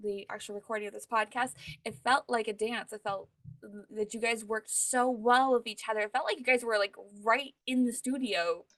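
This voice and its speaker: A woman's voice: a little high, steady tone, moderate pace, a bit bright, no room sound. A woman interviewing a guest in a casual chat, eager and enthusiastic.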